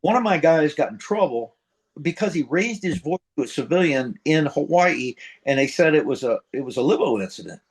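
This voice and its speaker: Middle-aged man, ex-Marine senior enlisted, slightly higher voice, profane rambling raconteur, casual interview. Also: lively intonation, fairly quick, husky, rough recording. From central United States. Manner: rambling, profane, blunt, voices sound effects. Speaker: retired Marine sergeant major, guest.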